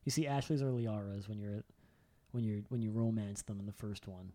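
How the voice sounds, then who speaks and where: Young man, casual chat, rambling, excitable, filler-heavy. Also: on the low side, a little fast. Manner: rambling, excitable, swears freely, lots of "like" fillers.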